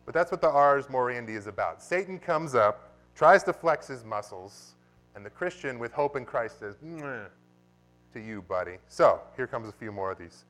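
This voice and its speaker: A man preaching a sermon as pastor of his church, animated and sometimes bursting into loud exclamations. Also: mid-range voice, normal speed, soft background music. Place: church sanctuary.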